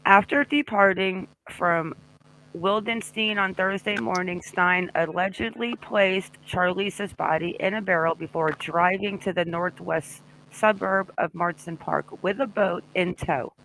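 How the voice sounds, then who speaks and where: A woman's voice: fairly low pitch, steady tone, measured pace, a bit bright, slight background noise, poor audio. A woman hosting a casual live true-crime discussion, chatting and greeting viewers by name. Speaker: livestream host.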